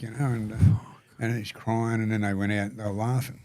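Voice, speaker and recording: An older Australian man, a podcast guest telling stories in a halting, earnest way, often repeating words. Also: lowish voice, steady tone, a little mellow, dry recording. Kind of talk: storytelling conversation.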